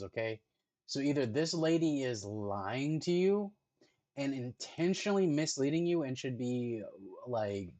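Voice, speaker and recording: A man talks casually at a medium pitch as he reacts to videos at home. His speech rambles and is crowded with filler words and swearing. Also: darkish tone. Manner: rambling, profane, heavy use of filler words. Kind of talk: casual chat.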